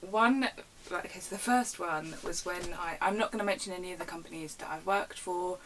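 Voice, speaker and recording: A young woman rants casually on her vlog, retelling customer service stories in a chatty, animated way from her bedroom at home. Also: fairly low pitch, a little fast, far from the mic, slight background noise, rough recording. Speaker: vlogger. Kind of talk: casual storytime rant.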